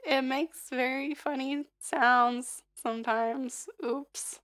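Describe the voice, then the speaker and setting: A woman with a hoarse, somewhat high voice chats her way through a livestream and guides her listeners in a breathing warm-up. She talks slowly and unhurriedly, drifting between thoughts with plenty of fillers and small laughs. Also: steady tone. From United States. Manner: rambling, with many fillers and light laughs. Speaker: singer and livestreamer. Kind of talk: casual livestream chat and vocal warm-up.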